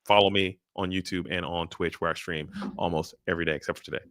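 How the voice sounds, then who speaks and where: A man's voice: low voice, fairly even intonation, fast talker, a bit bright, no echo. A man co-hosting a game tournament livestream, talking up upcoming events with upbeat hype and catchphrases. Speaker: tournament stream co-host. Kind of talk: casual livestream commentary.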